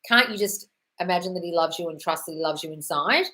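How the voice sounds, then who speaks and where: A woman with a slightly low-pitched voice hosts a live question-and-answer stream. She answers viewer comments in an effusive, frank way and calls everyone darling. Now and then she breaks into a sweary, squealing burst of praise. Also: fast, pushed and bright, low-quality recording. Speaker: manifestation coach host.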